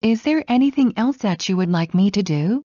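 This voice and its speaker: A woman slowly reading everyday English phrases one at a time for learners. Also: mid-range voice, lively intonation, warm tone, no room sound, highs cut off. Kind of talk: slow scripted phrase reading.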